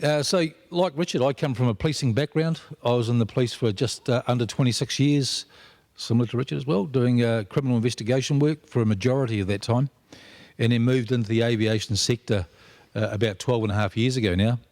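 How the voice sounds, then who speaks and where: A man in his fifties with a New Zealand accent, giving steady, explanatory panel remarks with frequent fillers. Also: mid-range voice, quick pace. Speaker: panelist, aviation security regulator.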